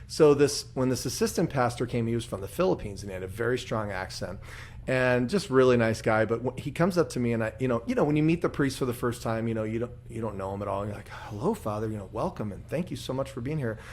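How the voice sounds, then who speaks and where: A Catholic church musician telling funny stories in casual podcast chat, animated and often laughing. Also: male voice, mid-range voice, fast talker.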